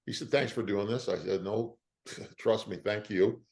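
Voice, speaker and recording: An older man, an actor, telling stories in an interview with a lively, emotional delivery. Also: on the low side, normal speed, creaky. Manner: lively storyteller, emotional at times. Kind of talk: animated anecdotes.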